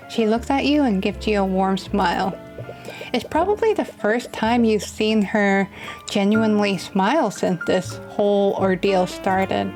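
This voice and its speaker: Unhurried young female streamer, soft emotional asides, over faint music. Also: mid-range voice. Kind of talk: reading and reacting to a visual novel.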